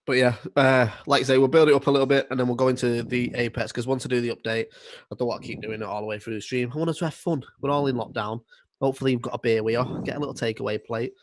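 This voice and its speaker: A man's voice: medium pitch, fairly even intonation, rapid-fire, slight background noise. A man co-hosting a casual livestream, joking and self-mocking as he chats to viewers. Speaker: co-host.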